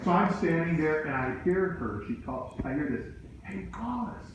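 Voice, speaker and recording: A middle-aged man, a teacher and coach, telling a story to his students in a casual, animated way full of asides. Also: a little high, normal speed, noisy background. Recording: very echoey room.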